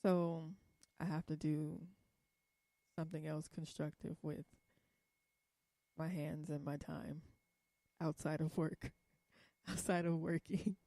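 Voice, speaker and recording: A woman's voice: low voice, level tone, slow, creaky, pauses often, mellow, dry recording, studio quality. A young woman from California talking casually in a vlog, blunt and profane, rambling with many fillers. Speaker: vlogger.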